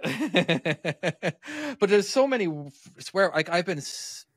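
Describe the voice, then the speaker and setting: A man's voice: sits high, big pitch swings, slow pace, breathy edge, dry recording, clean studio sound. A man with an Irish accent, co-hosting a podcast in casual chat, rambling and starting his sentences over. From Ireland. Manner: rambling, restarts often, chuckles easily. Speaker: podcast co-host.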